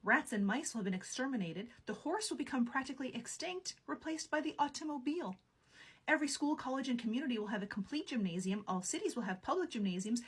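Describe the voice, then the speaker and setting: A woman's voice: fairly high pitch, husky. A woman hosting a video, giving scripted narration with playful, wry asides. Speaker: video host.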